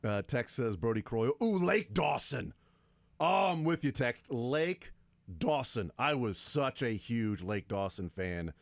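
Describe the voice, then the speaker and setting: A man's voice: medium pitch, expressive, unhurried, no echo. A man hosting sports radio talk, rambling in a casual and enthusiastic way about favorite old players. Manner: rambling, enthusiastic, fond of nostalgic player picks.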